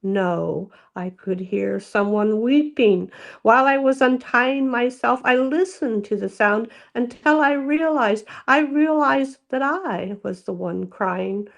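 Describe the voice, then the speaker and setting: An amateur reader, a woman, reading aloud the testimony of a dead samurai's spirit, slowly and carefully. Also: a little high, gravelly. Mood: weary. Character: dead samurai's spirit, weary and defeated man.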